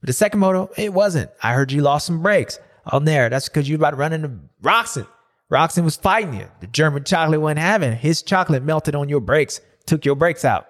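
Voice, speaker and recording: Animated man recapping races casually. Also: a little fast. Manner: animated, slips into high mocking voices for quoted riders. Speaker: podcast host and former racer. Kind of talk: casual race recap commentary.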